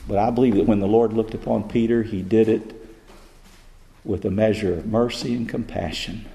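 A man preaching a sermon, building to fervent, high-pitched climaxes. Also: fairly even intonation, moderate pace, vocal fry, warm tone. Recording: echoey hall.

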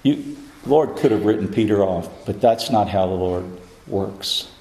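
A man preaching a sermon, building to fervent, high-pitched climaxes. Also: unhurried, dark tone. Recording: echoey hall.

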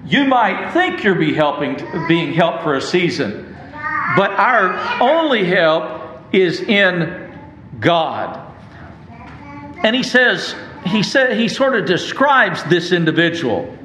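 Slow, emphatic preaching man. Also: high-pitched, sing-song, bright, forceful tone, reverberant, slight background noise, low-quality recording. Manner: slow, emphatic preaching with drawn-out quoted verses. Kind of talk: sermon.

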